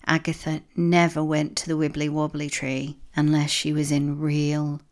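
A woman narrating a children's storybook in a steady, unhurried reading voice. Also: sits low.

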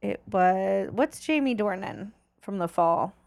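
A woman co-hosting a podcast, chatting casually with deadpan jokes and the odd swear. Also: mid-range voice, slow, gravelly, dry recording. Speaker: podcast co-host. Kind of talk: casual chat.

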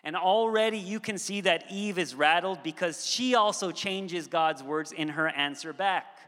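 Bright-voiced pastor preaching in a hall. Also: male voice, sits high, measured pace. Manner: conversational, with frequent "okay" asides. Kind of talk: sermon. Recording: long hall reverb.

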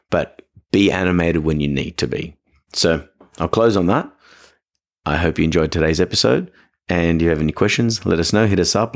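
A young man hosts his own dog training podcast, talking in a casual, animated way. His voice sits very low. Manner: animated, jumps to a high excited voice when acting out talking to dogs. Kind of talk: casual solo podcast talk.

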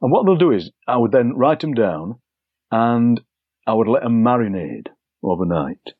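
Older man, English, chatty anecdotal interview guest, husky, muffled lo-fi sound. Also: mid-range voice, big pitch swings, moderate pace, no echo. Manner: chatty, anecdotal, acts out overheard lines. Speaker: poet and broadcaster, interview guest. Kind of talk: relaxed storytelling conversation.

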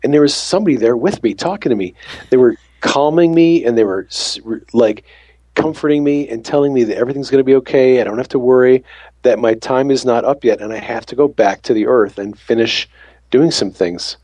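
A man's voice: mid-range voice, brisk, a little mellow, slightly rough, dry recording. A man telling a faith story from his ambulance work, acting out the dialogue as he retells it. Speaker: works on an ambulance. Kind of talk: storytelling testimony.

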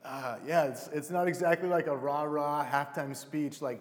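A man's voice: on the high side, steady tone, moderate pace, in a large hall. A man preaching a casual, heartfelt sermon to a congregation, calling them "you guys". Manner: casual, emotional, addresses crowd as "you guys". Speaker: pastor.

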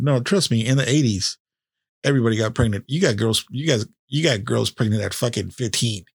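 A man's voice: medium pitch, brisk, creaky, slightly rough, no room sound, studio quality. A man in his fifties, a podcast host telling a personal story in a candid, casual way with heavy swearing.

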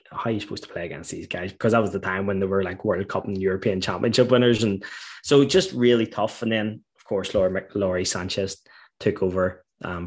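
Middle-aged ex-footballer from Northern Ireland, low husky voice, animated anecdotes. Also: male voice. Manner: animated storytelling, laughs while recalling. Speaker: former footballer guest. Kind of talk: casual interview chat.

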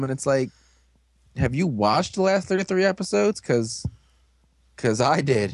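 A man's voice: medium pitch, unhurried, no room sound. Young man, casual podcast chat, rambling, crude, sarcastic, dry close sound. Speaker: podcast co-host.

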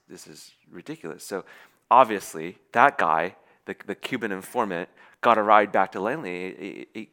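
A man preaching a sermon, telling a spy story and acting out the characters' lines, with frequent restarts. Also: sits low. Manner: animated storyteller acting out quoted dialogue, many restarts.

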